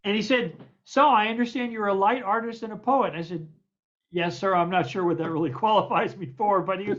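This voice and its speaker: A man's voice: high voice, fairly quick, fairly bright tone. An older American man, a guest poet, tells stories from his past in an interview. He acts out the other voices in his tales, stammers and repeats words. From United States. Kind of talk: anecdotal storytelling in an interview. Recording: dull lo-fi recording.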